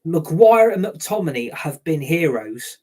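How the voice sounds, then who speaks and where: A man's voice: a little high, sing-song, a little slow, darkish tone. A man giving an angry, heated rant as a football fan, swearing freely. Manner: heated, ranting, heavy swearing. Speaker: football fan channel host.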